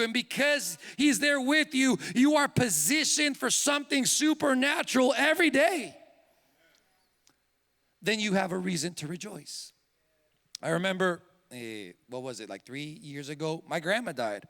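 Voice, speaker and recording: A man's voice: on the high side, fairly bright tone. A young man preaching a sermon, telling a personal story with animation and building to emphatic points. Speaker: pastor. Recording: long reverb from a church hall.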